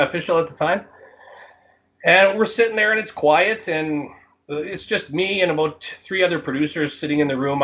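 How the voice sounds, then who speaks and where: Man, middle-aged, from Canada, high voice, animated, laughs a lot, interview story. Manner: animated, laughs often, lots of fillers. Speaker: comedian guest.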